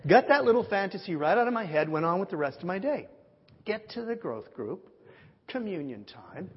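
Pastor type, man, slightly high and husky voice, spins animated anecdotes from the pulpit. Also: moderate pace. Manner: animated storyteller, acts out dialogue. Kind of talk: sermon storytelling. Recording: muffled sound with long hall reverb.

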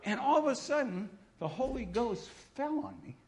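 A middle-aged man preaching, telling his testimony in an animated storytelling manner, acting out voices and sometimes shouting. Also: very high voice, moderate pace. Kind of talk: sermon testimony.

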